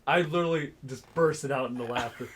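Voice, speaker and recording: A young man co-hosting a podcast, chatting casually about films, excitable and profane, acting out scenes with loud outbursts. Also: medium pitch, fairly quick. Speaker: podcast co-host. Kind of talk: casual film chat.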